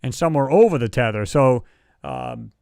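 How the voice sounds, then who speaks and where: A man's voice: mid-range voice, normal speed, creaky, darkish tone, clear, resonant tone, no echo, studio quality. A man hosting a casual livestream chat, talking in a loose, rambling way and reading viewer comments aloud. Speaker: livestream host.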